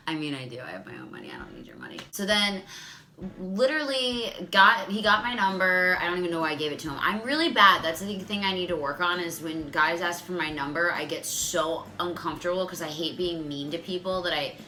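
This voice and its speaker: A woman's voice: low voice, lively intonation, moderate pace, over music. A woman in her thirties telling a dating story to her viewers in a chatty, profane way, full of "like.". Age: 30s. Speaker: vlogger. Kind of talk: casual storytelling to camera.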